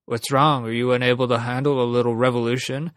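A man's voice: medium pitch, flat delivery, quick pace, no room sound, lightly acted. A man reading a story aloud, voicing a smug, fanatical male revolutionary who talks in a mocking, condescending way.

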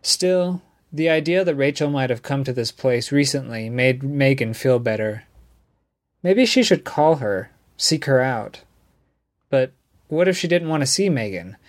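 With a mid-range voice, a man serving as an audiobook narrator reads a novel from a script. His delivery stays even and measured throughout the story.

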